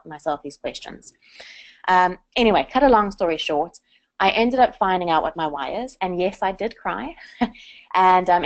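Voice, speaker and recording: A woman in her thirties giving a candid, personal motivational talk to a group. She acts out her own inner dialogue as she speaks. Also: lowish voice. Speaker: presenter at a business training session.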